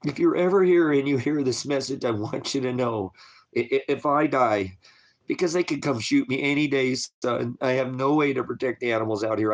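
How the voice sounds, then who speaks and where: A man recording an emotional video message as a father, distraught and self-blaming, his voice breaking as he struggles to hold himself together. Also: medium pitch. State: crying, struggling to keep composure. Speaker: father making a video appeal.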